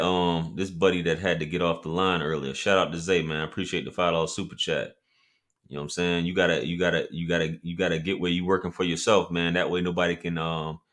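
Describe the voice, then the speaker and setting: Deep-voiced man bantering on a livestream. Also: a bit bright. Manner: slangy, joking banter with viewers. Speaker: livestream host. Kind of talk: casual livestream chat.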